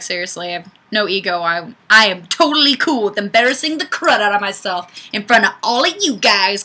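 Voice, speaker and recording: A woman's voice: mid-range voice, bright, forceful tone. A woman hosting a webcam livestream, reading viewer comments in a chatty, self-deprecating way. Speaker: livestream host. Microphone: webcam mic.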